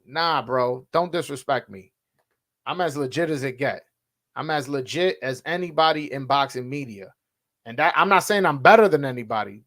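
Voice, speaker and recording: A man with a somewhat high voice vents heatedly to his livestream chat. His talk is slangy, fast to anger, and full of stumbles and restarts as he defends his work as a journalist. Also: a bit bright. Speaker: boxing journalist and livestream host. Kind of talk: casual livestream rant.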